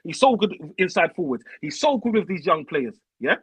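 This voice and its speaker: A young man rants hotly as a fan caller, swearing freely and slipping into slang. His voice sits high and bright, with a husky edge. It sounds dry and close. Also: big pitch swings, moderate pace, no room sound, low-quality recording. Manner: swearing, heated, uses slang. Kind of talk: angry fan rant.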